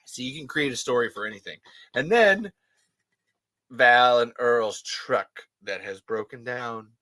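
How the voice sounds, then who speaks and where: A vlogger unboxing collectibles, giddy and breathless, gasping and rambling with casual swearing. The pitch swoops all over the place, and the tone is bright and forceful. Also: lively intonation, unhurried. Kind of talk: excited unboxing vlog.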